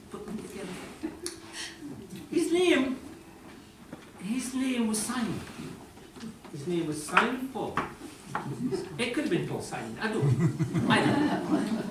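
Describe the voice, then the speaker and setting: A man's voice: high-pitched, noisy background. A man with a Scottish accent at a folk club, rambling through a jokey introduction that repeats itself. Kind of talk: comic storytelling before a song. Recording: roomy, distant mic, music in background.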